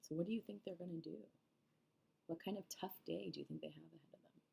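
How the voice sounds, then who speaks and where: A woman reading a children's book aloud, expressive and engaging. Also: lowish voice, fast, creaky. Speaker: storybook reader.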